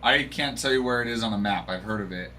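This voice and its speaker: A man's voice: fairly low pitch, quick pace, bright, forceful tone, slight background noise. A man hosting a live card break stream, joking and bantering casually with viewers.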